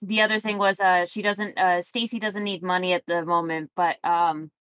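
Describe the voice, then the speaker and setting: A woman's voice: on the low side, steady tone, normal speed, hardly any pauses, fairly bright tone, dry recording. Rambling woman running a tabletop game. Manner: rambling, many fillers. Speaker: game master. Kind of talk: casual tabletop game chat.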